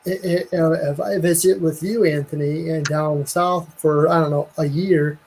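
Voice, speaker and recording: Male chat host, slightly high, even-toned, hesitant, light background noise. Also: moderate pace, vocal fry, rough recording. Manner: hesitant, repeats words before asking. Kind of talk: casual chat.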